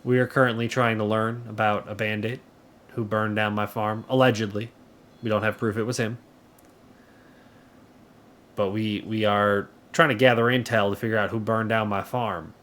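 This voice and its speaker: A man's voice: fairly low pitch, flat delivery, normal speed, long pauses, fairly bright tone. A man streaming a cowboy game live, chatting casually with viewers in a sarcastic, talkative way. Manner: sarcastic, talkative, reads chat aloud. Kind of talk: casual live gameplay commentary.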